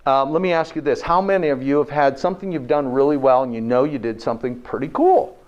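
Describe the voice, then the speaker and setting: This health presenter has a medium-pitched, somewhat mellow voice and talks quickly. Speaking live to an audience, he keeps things folksy, adds "okay?" after his points, and quizzes the crowd. The audio is lo-fi and dull.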